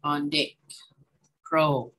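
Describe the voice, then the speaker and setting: A woman leads an online language lesson, saying each word slowly and then saying it again. Her voice is bright and somewhat low, and she comes through a video call. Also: level tone, slight background noise, low-quality recording. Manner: slow, repeats each word carefully, casual asides. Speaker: language teacher.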